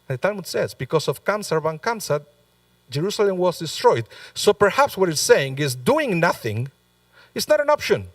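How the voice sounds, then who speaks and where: A man's voice: high voice, very animated, moderate pace, no room sound, distant mic. A male rabbi delivering a sermon in a conversational, storytelling way, with frequent asides to the congregation. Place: synagogue sanctuary.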